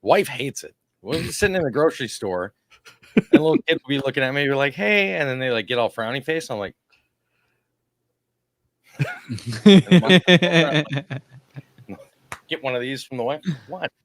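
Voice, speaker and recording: In a clean, dry studio recording, a man with a medium-pitched voice speaks unhurriedly and leaves long pauses. He co-hosts a podcast and shares crude, animated anecdotes in relaxed conversation, putting on voices to play the characters involved.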